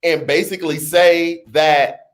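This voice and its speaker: A middle-aged man with a New Orleans accent, talking casually to camera about politics, with lively rhetorical questions and teasing asides. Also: on the high side, measured pace. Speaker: political commentary vlogger. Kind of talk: casual explainer vlog.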